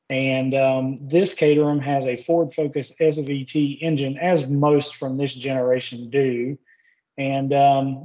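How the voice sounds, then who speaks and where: A man with a Southern US accent, co-hosting a casual car podcast in a relaxed, joking way with many fillers. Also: medium pitch. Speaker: podcast co-host. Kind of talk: casual chat. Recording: dull lo-fi sound.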